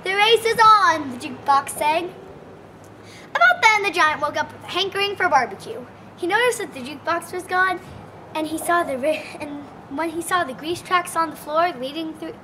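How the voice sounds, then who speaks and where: A woman telling a children's tall tale in a lively, expressive, folksy way. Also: high-pitched, fairly quick, background noise. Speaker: storyteller. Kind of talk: animated storytelling for children.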